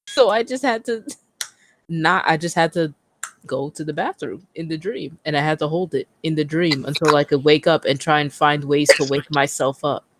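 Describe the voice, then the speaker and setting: A woman's voice: deep voice, moderate pace, a little hiss or hum. Laid-back woman telling a dream story. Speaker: podcast co-host. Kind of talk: casual chat.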